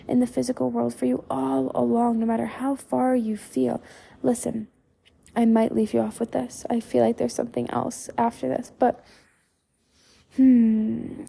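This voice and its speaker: A woman's voice: a little high, vocal fry, warm tone, slightly rough. A woman hosting a podcast, delivering a blunt motivational monologue full of swearing and emphatic repetition. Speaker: podcast host and mindset coach.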